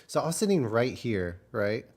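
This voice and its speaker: A man's voice: medium pitch, big pitch swings, moderate pace, a little mellow. A man from Texas streaming and telling a rambling travel story in casual chat, full of fillers.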